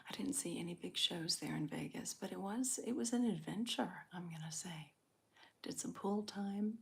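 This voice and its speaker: A woman whispers a late-night live chat in an airy, almost voiceless hush. Her pace is very slow and unhurried, with a low, gravelly texture under the breath. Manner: soft, slow, breathy whispering with small laughs. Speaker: ASMR livestream host.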